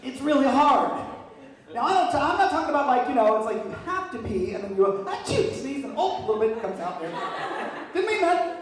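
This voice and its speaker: A man's voice: extremely high pitch, a little fast, very echoey, recorded from a distance, poor audio. A man doing stand-up, telling stories with lots of energy and laughing through them. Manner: animated, laughing through his own stories. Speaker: stand-up comedian. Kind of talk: stand-up storytelling.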